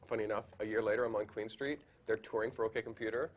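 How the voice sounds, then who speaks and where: A man from Canada, a podcast guest, telling a story in an animated, casual way full of fillers. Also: on the low side, fast talker, dull audio. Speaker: guest photographer.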